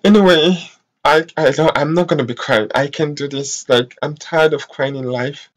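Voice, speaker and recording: A vlogger from talks straight to the camera. The delivery is impassioned and exasperated, thick with profanity and emphatic repeats. It is broken by drawn-out filler sounds and pauses. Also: mid-range voice, steady tone, low-quality recording. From West Africa. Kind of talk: emotional vlog rant to camera.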